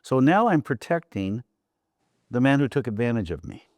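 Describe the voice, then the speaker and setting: A man's voice: medium pitch, sing-song, moderate pace, no room sound. A man hosting a recovery talk show, speaking earnestly and openly. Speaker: host. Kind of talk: casual conversation.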